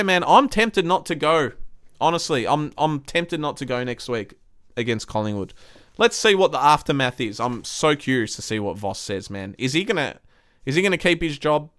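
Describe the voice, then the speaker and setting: A man's voice: fairly high pitch, a bit bright, dry recording, clean studio sound. A young man hosting a live stream, reading viewer comments and ranting bluntly with lots of swearing. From Australia. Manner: blunt, swears a lot, frustrated.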